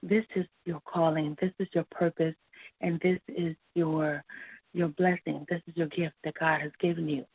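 A woman's voice: sits low, flat delivery, normal speed, husky, no echo. A woman guest on a talk radio show, speaking in an encouraging, faith-centered way. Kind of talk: casual chat. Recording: dull, dry lo-fi radio sound.

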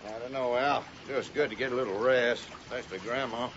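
A man's voice: mid-range voice, quick pace, close to an everyday voice. An actor with an Oklahoma accent playing a hopeful, plain-spoken farmer father, on an old film soundtrack. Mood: homespun. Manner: homespun, lively. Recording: dull, faintly hissy old film soundtrack.

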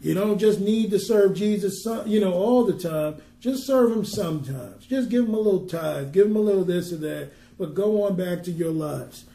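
A man who works as a minister, telling a faith story earnestly and reading scripture slowly and with weight. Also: high-pitched, vocal fry, mellow, echoey room. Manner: tells a story earnestly, then reads scripture slowly and emphatically. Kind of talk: preaching and storytelling on a podcast.

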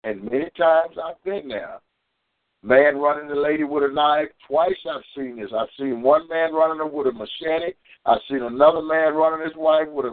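Fervent preacher man on a tinny phone line. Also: no room sound. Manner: fervent storytelling, climbing high for quoted shouts. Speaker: preacher on a community call. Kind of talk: sermon with personal testimony.

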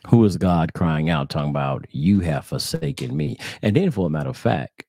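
A very low-voiced man, his voice gravelly with fry, preaches to his online audience. He keeps circling back with repeated rhetorical questions and calls them brothers and sisters. The sound is close and dry. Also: big pitch swings, moderate pace, warm tone, no room sound. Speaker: religious podcast host. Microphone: screen-sharing computer setup.

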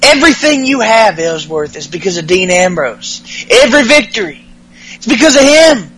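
A man's voice: high voice, sing-song, moderate pace, fairly bright tone, breathy edge, poor audio. A man hosting a podcast, recapping wrestling in a crude, jokey way and mocking wrestlers with put-on voices. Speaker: podcast host.

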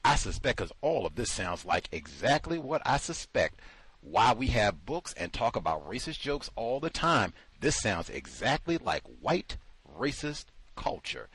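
A man's voice: mid-range voice, sing-song, a little slow, a bit bright, breathy edge, no echo. A man hosting a talk show, delivering sarcastic, incredulous commentary full of rhetorical questions. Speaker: host.

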